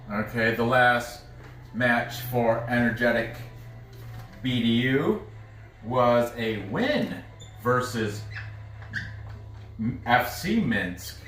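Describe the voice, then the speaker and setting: Speaking in a mid-range, slightly bright voice, a man breaks down soccer games for gamblers in an offhand way, reasoning aloud and stumbling over names. The mic sits at a distance, so the recording sounds roomy.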